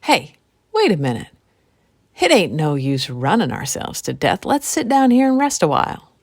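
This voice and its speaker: A woman voicing a scheming old witch who brags and coaxes in folksy country speech, low-pitched. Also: wildly swooping pitch, normal speed, dry recording, clean studio sound, heavily acted. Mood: coaxing.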